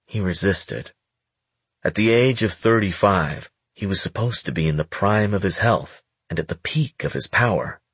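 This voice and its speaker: A man reading a novel aloud as an audiobook narrator in a measured, even manner. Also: deep voice, breathy edge, no echo. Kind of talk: scripted narration.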